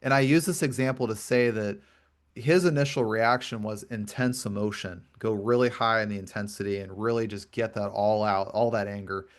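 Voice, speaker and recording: Earnest low-voiced man explaining at length. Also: fairly even intonation, moderate pace. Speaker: podcast host and grief coach. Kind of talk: conversational podcast interview.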